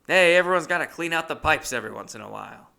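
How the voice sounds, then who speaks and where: A man's voice: fairly high pitch, expressive, quick pace, vocal fry, bright, forceful tone, voice pushed up, heavily acted. A man voicing an eighty-one-year-old, hard-of-hearing roommate who is spry and chatty and hands out blunt, offhand advice.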